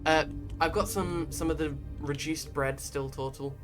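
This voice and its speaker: A man's voice: fairly high pitch, fairly even intonation, a little slow. A man talks casually at a desk microphone as he streams a game, wandering from thought to thought and reading chat aloud. Game music plays behind his voice the whole time. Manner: chatty, rambling, reads chat aloud. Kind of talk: casual gameplay commentary.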